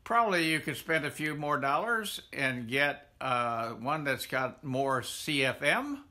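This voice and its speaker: An older man with a Southern accent giving a rambling, folksy tour of his home garage workshop, pausing often with "uh". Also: medium pitch, lively intonation, bright, forceful tone. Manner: rambling, folksy, many "uh" pauses. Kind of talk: casual tool tour.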